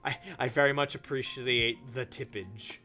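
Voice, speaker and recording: A man's voice: mid-range voice, steady tone, normal speed, pushed and bright, soft background music. A man streaming live while drawing, chatting casually and answering his chat with jokes and asides.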